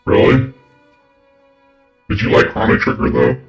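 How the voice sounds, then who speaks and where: A man's voice: medium pitch, flat delivery, a little slow, gravelly. A man streaming a video game, chatting casually with viewers and swearing freely. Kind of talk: casual gaming stream chat. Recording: dull lo-fi mic with faint game music.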